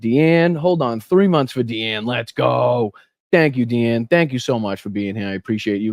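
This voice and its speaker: A man's voice: medium pitch, normal speed, no room sound, dull audio. Casual Boston guy hosting a live show. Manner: casual, swears freely, reads out chat names. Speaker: host of a political livestream show. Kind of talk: casual livestream chat. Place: home room with air conditioner running.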